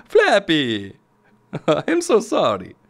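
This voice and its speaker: A man voicing a cheerful Italian video game plumber in an exaggerated mock Italian accent, high and bouncy. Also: huge pitch swings, extremely slow, exaggerated voice. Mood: playful. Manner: high, bouncy, playful impression.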